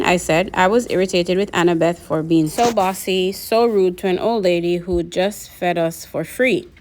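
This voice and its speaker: A woman reading a novel aloud, narrating in a steady first-person voice. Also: lowish voice, normal speed, hardly any pauses, slight background noise. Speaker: reader.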